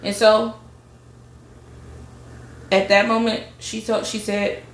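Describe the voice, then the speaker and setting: A woman's voice: medium pitch, flat delivery, slow pace. Dramatic woman storyteller, echoey room. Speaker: podcast host. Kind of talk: true crime storytelling chat.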